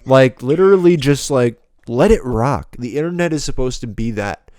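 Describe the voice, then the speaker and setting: A man's voice: mid-range voice, lively intonation, normal speed, darkish tone, no room sound, studio quality. Blunt, profane young man ranting. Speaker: podcast host. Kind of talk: solo rant podcast.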